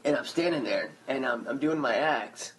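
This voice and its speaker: A man's voice: mid-range voice, moderate pace, low-quality recording. A man, a stand-up comedian, chatting as a podcast guest and acting out little stories. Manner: animated storyteller, acts out other people's lines. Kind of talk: casual chat.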